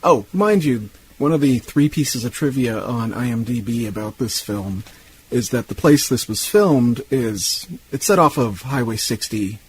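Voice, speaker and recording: A man's voice: medium pitch, lively intonation, unhurried, a little hiss or hum, poor audio. A man from Tampa co-hosting a podcast, chiming in with dry, wry jokes and film trivia. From Tampa, Florida. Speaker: podcast co-host. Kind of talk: casual movie-discussion chat.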